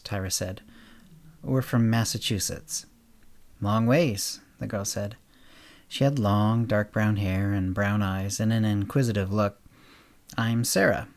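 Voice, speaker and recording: A man's voice: fairly even intonation, measured pace, long pauses. Man reading a short story, lifting his voice for the dialogue. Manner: lifts his voice for the girls' dialogue, drops low and quiet on narration. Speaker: podcast host and narrator. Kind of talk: scripted story narration with character dialogue.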